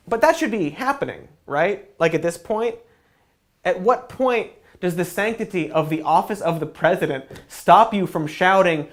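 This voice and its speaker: A woman's voice: on the low side, lively intonation, normal speed. A woman hosting a comedic news commentary, sarcastic and profane, sounding exasperated with the news.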